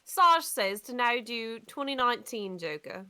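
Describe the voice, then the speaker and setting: A woman's voice: fairly high pitch, animated, unhurried, bright, forceful tone, smooth. A woman chatting casually on a gameplay stream, giggling and repeating "gosh golly". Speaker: co-commentator.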